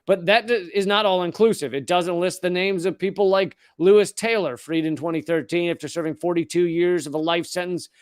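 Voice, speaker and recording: A man's voice: high-pitched, a little fast, hardly any pauses, smooth, no echo, studio quality. A man co-hosting a podcast, talking in a blunt, profane, sardonic way. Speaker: podcast co-host. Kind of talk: casual podcast chat.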